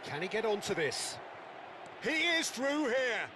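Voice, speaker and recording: A high, lively football play-by-play commentator in a video game, his calls swinging widely in pitch. He gets excited and shouts when a goal goes in. Heavy noise sits under the game audio. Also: measured pace. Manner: excitable, rising to shouts on goals. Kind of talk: scripted sports commentary.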